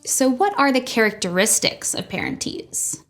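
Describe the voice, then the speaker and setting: Woman clinician, bright clear presenter tone, faint music bed. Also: fairly high pitch, sing-song, normal speed. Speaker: speech-language pathologist presenting. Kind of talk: scripted educational presentation.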